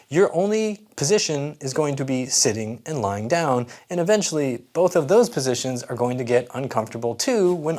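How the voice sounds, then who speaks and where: An encouraging fitness coach gives exercise instruction straight to the camera. The delivery is patient and methodical, breaking each movement into small steps, with a voice sitting at a middle pitch. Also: darkish tone. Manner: patient, encouraging, explains step by step. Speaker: fitness coach and channel host.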